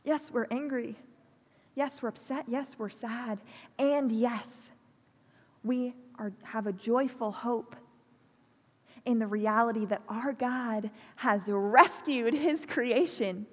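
Husky-voiced woman preaching in a reverberant hall. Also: a little high. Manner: earnest, pastoral, slow and deliberate. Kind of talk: sermon. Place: church hall.

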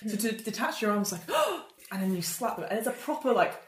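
A woman's voice: medium pitch, big pitch swings, a little fast. A woman narrating as game master in a tabletop game, playful and often laughing as she acts out voices. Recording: echoey room, faint noise.

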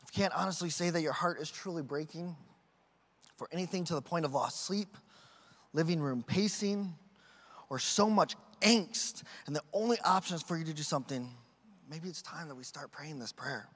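A man preaching a sermon as a pastor, telling stories with animated acted-out voices. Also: a little high, normal speed, husky, long reverb tail. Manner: animated storytelling with acted quotes.

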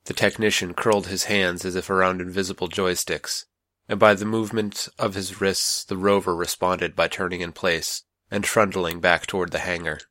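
A man narrating a science fiction audiobook in an even, measured way. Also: low voice, dry recording, clean studio sound.

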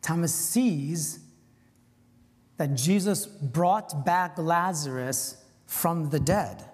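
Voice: medium pitch, extremely slow, darkish tone, breathy edge. A preacher giving an informal, earnest sermon, with frequent casual asides. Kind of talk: conversational sermon. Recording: long hall reverb.

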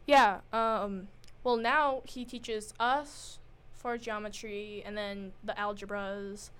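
A teenage girl co-hosting a casual chat, playful and drawn-out in her speech. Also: mid-range voice, steady tone, fairly bright tone, clean tone. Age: teens. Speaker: co-host.

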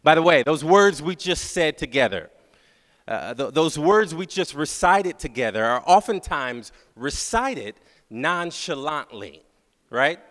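A man's voice: fairly high pitch, sing-song, a bit bright. Man preaching with rising "right?" asides. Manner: repeats phrases, asks the crowd "right?"; slow, drawn-out prayer recitation. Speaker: guest speaker. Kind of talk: sermon. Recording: long hall reverb.

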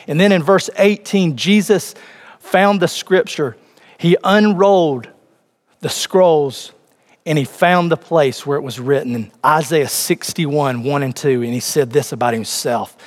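A man preaching a sermon, reading scripture and speaking directly to the congregation with rising emphasis. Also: fairly high pitch. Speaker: pastor. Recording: long hall reverb.

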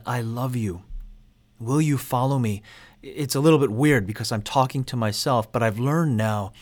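A man in his forties, a seminary instructor, giving a lecture and telling his own story of being called, earnest and self-deprecating. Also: mid-range voice. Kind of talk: personal testimony in a lecture.

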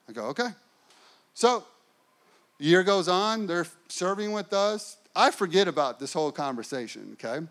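A man preaching a sermon as pastor, telling a personal story with lively acted-out quotes. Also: on the high side, moderate pace.

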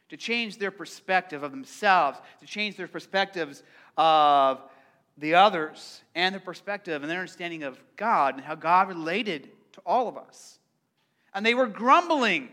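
Guy preaching to his church, high-ish voice, chatty, keeps talking to the crowd. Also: lively intonation, a little slow, bright, forceful tone. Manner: conversational, repeats words, engages congregation. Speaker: pastor. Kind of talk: sermon.

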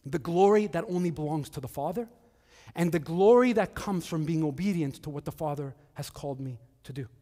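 A preacher voicing Jesus in prayer, hushed and solemn. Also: male voice, fairly high pitch, fairly quick, big-room sound, pitched below the performer's own voice, close to an everyday voice. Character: Jesus praying, solemn and gentle, male.

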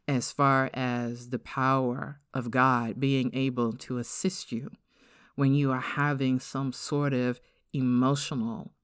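Earnest middle-aged woman, smooth dry voice. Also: a bass voice, no room sound. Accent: African-American English. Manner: earnest, reflective, slows to stress key words. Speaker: podcast host. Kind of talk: personal testimony podcast.

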